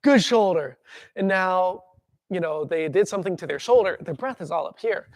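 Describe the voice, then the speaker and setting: Man, workshop teacher, gravelly, dry close sound, guided breathing, animated explaining. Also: high-pitched, brisk, no room sound. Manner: calm guiding breath cues, then animated explaining with acted-out reactions.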